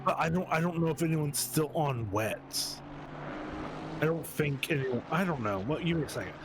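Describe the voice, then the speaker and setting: A man commentating a sim race in a casual way, laughing and thinking out loud, with hiccups. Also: a little high, moderate pace, background noise. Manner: relaxed, laughing, thinking aloud with restarts.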